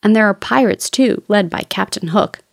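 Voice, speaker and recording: A woman's voice: mid-range voice, normal speed, gravelly, dry recording, clean studio sound. A woman reading a storybook, voicing a bold and cheeky young boy who leads his friends, in a raised, eager voice. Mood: boastful.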